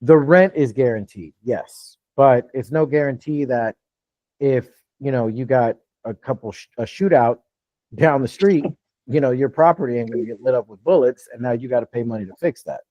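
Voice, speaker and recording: A man's voice: medium pitch, moderate pace, no room sound, dull audio. Casual man in his fifties coaching. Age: 50s. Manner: casual, plain-spoken, keeps checking in with "you know what I'm saying"; talks in a lighter "customer service voice" than his usual one. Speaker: real estate investing coach. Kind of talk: live online training Q&A.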